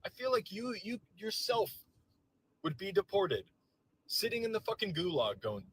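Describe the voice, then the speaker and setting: A man's voice: high voice, very animated, normal speed, slightly rough, rough recording. A man delivering a heated, profane and sarcastic political rant to camera, visibly agitated. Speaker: political commentator.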